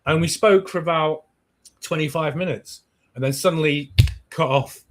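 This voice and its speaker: A man with a British accent, a podcast host who chats casually and tells stories with lively swearing. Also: a little high, moderate pace. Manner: animated, swears freely, acts out his own past thoughts. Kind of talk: casual chat, storytelling.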